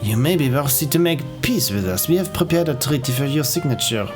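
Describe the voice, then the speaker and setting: Pompous male French envoy with a put-on French accent and a mid-range pitch, haughty and condescending, as a streamer reads him aloud. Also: animated, fairly quick, soft background music, natural voice.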